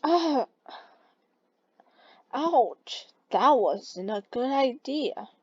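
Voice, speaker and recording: A woman reading a second-person fan story aloud in a halting way, stumbling and restarting words. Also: high voice, expressive, a little mellow, slightly rough, no room sound, highs cut off. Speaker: story reader.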